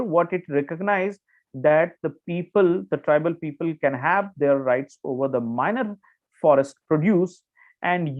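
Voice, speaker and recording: A man with an Indian English accent teaching a current affairs class, explaining with many restarts and fillers and checking in with "okay". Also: fairly high pitch. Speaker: exam coaching teacher. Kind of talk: online current affairs lecture. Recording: tinny phone-like audio.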